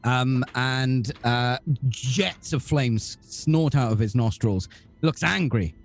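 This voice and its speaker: A man with a Welsh accent running a tabletop role-playing game as game master, chatty and quick with asides. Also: mid-range voice, faint music behind. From Wales.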